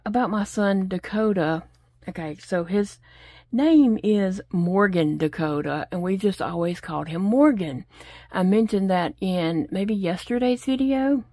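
A woman's voice: medium pitch, mellow, no room sound, studio quality. A middle-aged woman chatting casually at home while she crochets, rambling along and talking to her pets. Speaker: crochet vlogger. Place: home desk.

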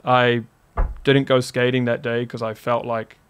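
A man in his twenties with a New Zealand accent, a podcast guest telling a story in a casual, animated way and filling his talk with "like". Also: medium pitch, unhurried, slight background noise. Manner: animated, heavy use of "like" as a filler.

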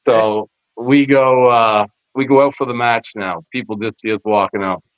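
A man spins rowdy backstage tales, jumping into the voices of the people in his stories and swearing freely. His voice sits at an ordinary middle pitch. The audio is dull and lo-fi, with a dry, close sound. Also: normal speed, smooth, dry recording. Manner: animated storyteller, acts out quoted voices with profanity. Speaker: podcast guest, former wrestler. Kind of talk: casual storytelling interview.

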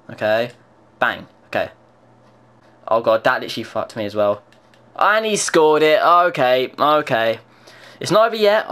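A young man giving excitable, swearing live commentary on his own gameplay, talking to himself as he plays. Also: medium pitch. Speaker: gaming video creator.

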